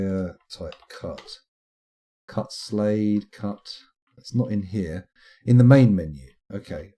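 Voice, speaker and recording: A middle-aged British man talks through his game live on stream, rambling and poking fun at himself as he goes. His voice sits a little low, with a dark, mellow and slightly husky tone. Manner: rambling, self-deprecating, chatty.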